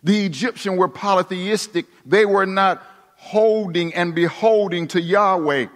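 Pastor, male, high voice, preaching with sweeping shifts from hushed to emphatic, long hall reverb. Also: measured pace. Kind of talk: sermon.

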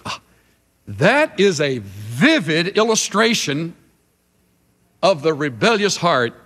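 A man's voice: on the high side, sing-song, takes it slowly, fairly bright tone, big-room sound. A man preaching a sermon as a Bible teacher, emphatic with dramatic shifts of emphasis.

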